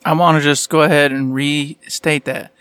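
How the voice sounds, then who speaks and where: A podcast co-host with a fairly high, fairly bright, clean voice keeps his pitch fairly flat and talks at normal speed. The recording is dry with clean studio sound, and he jokes and laughs often in casual chat.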